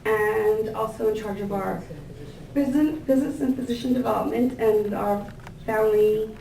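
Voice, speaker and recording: A woman giving a thank-you speech at a gathering, introducing guests with warm, gushing words and many fillers. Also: fairly high pitch, moderate pace, vocal fry. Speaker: event organizer introducing staff and guests. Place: large indoor room with tables. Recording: echoey room, picked up from a distance, faint ambient noise.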